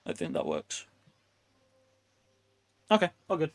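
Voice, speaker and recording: A man's voice: fairly high pitch, wildly swooping pitch, slow. A man narrating as game master over a voice call from his room, in a loose, rambling way full of fillers. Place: his own room at home. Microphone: computer mic on a voice call.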